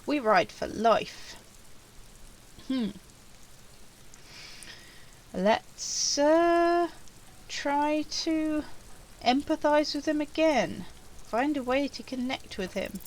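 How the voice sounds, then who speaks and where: A woman's voice: sits high, expressive, drawn-out words, pauses often, darkish tone. A woman doing a let's play, reading game text aloud and musing over her choices. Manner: musing, chatty. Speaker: let's player.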